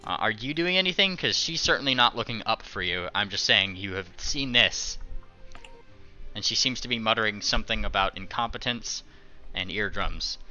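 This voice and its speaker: A man running a tabletop game as game master, relaxed and joking, his voice bright and sharp. His pitch moves lively, and the sound is a bit dull, as over voice chat, with faint music under it. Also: moderate pace. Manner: loose and joking, with frequent fillers and laughter.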